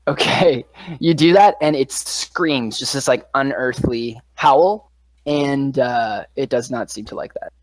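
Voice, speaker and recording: A woman's voice: rumbling low, slow, no room sound, poor audio. Casual woman narrating a tabletop game. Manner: casual, lots of "like" and "uh". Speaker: dungeon master.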